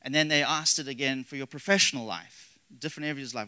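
A man's voice: medium pitch, quick pace, bright, forceful tone, clean tone, no room sound, low-quality recording. A man preaching a sermon as pastor, earnest with rising emphasis and casual asides.

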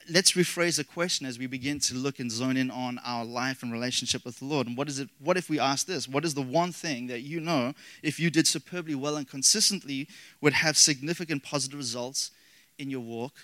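A man's voice: mid-range voice, bright, forceful tone, no room sound, rough recording. A man preaching a sermon as pastor, earnest with rising emphasis and casual asides.

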